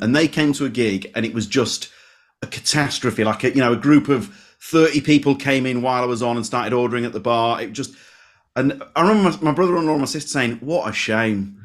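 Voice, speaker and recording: A man's voice: medium pitch, fairly quick. A man hosting a comedy podcast, chatting casually and rambling with frequent restarts.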